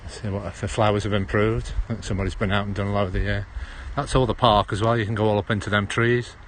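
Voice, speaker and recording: Speaking quickly and flatly at a fairly low pitch, this livestream host from Stoke-on-Trent chats and rambles while walking through an outdoor park. His Potteries accent drops H's, and the handheld phone recording carries a little hiss or hum.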